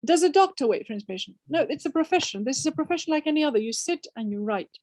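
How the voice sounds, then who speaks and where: A woman's voice: sits high, lively intonation, very fast, darkish tone, dry recording. An older woman author from Spain, answering audience questions emphatically with rhetorical questions and frequent restarts. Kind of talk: conversational Q&A.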